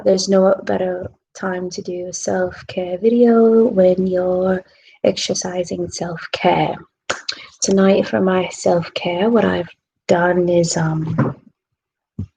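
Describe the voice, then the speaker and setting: A woman vlogger in a relaxed self-care chat, talking softly and drawing out her words, often dropping into a whisper. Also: medium pitch, vocal fry, slightly rough, poor audio. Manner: slow, drawn-out, soft, drifting into whispers.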